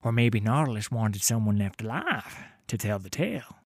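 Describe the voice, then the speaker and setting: A grizzled old sailor spinning yarns. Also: male voice, fairly low pitch, big pitch swings, moderate pace, no echo, studio quality. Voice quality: rough dockside sailor dialect, dramatic whispers and roars. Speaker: tavern storyteller. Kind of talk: dramatic audio story narration.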